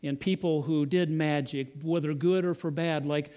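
Slightly high-voiced male pastor. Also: steady tone, moderate pace, mellow. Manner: repeats and restarts words. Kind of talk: sermon storytelling.

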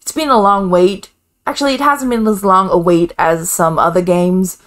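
A woman hosting a casual game reaction video, chatty and excitable, laughing often. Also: mid-range voice, normal speed. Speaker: gaming channel host.

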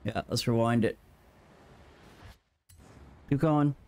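A man giving casual, excitable, profane gameplay commentary to himself from a small room at his computer. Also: medium pitch, takes it slowly. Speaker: gamer.

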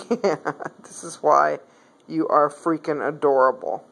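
A woman at home, filming on her phone and talking in coaxing, affectionate pet talk to her cat, her voice swooping up high. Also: slow, gravelly, long pauses, a bit bright. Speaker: pet owner. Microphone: phone camera.

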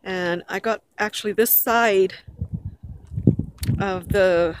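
The noisy outdoor audio comes from a handheld camera held by a woman vlogger in a park by a river bridge. Her mid-range voice is steady and slow as she walks and jogs, a little breathless, chatting casually, rambling, and correcting herself.

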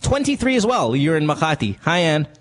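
A man's voice: on the high side, sing-song, a little fast, slight background noise. A man hosting a radio advice show, joking and teasing his callers and staff. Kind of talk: casual advice chat with callers.

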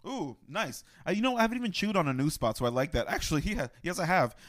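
A man's voice: fairly high pitch, very animated, fast talker. Laid-back slangy man on a podcast. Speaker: podcast co-host. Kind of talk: casual podcast chat.

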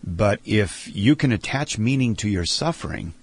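In an interview, a middle-aged man earnestly shares a heartfelt story about faith, slowing down for emphasis. His voice sits fairly low, expressive, with a breathy edge.

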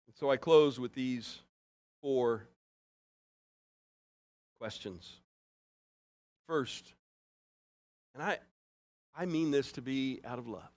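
A man preaching a sermon to a congregation. He talks in an earnest, conversational way and swings between loud rises and soft, quiet drops. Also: mid-range voice, slow pace, pauses often. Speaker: pastor.

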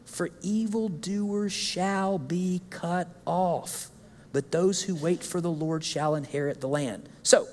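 Male preacher, high-pitched and animated, jokey, lively sermon delivery, church hall reverb. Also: slow pace, slight background noise. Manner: animated, jokey, acts out listeners' complaints. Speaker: guest speaker. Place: church sanctuary.

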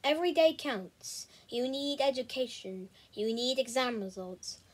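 A woman's voice: sits high, lively intonation, unhurried. A woman voicing a stern father who lectures emphatically in a storybook reading. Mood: lecturing. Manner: emphatic, preachy.

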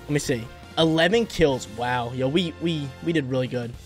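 A young man giving hyped, slangy commentary over his own gameplay as a gaming YouTuber, reacting quickly to each play. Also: medium pitch, faint music behind. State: briefly coughing.

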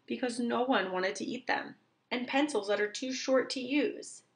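Storybook owl, gentle and simple, earnest and childlike, read by a woman. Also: on the high side, moderate pace, voice pushed up, natural voice. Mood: mournful.

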